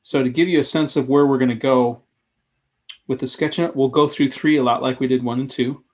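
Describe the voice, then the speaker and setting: Male instructor, husky mid-range voice, casual think-aloud tutorial narration. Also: medium pitch, fairly even intonation, brisk, a little mellow. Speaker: sketchnoting instructor. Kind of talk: live drawing tutorial commentary.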